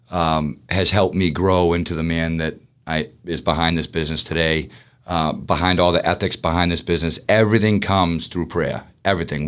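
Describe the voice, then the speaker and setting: Guy, business owner, talks low and rambly, lots of restarts and jokes on himself. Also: fairly bright tone. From Boston. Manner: chatty and self-mocking, many restarts. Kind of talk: casual interview storytelling.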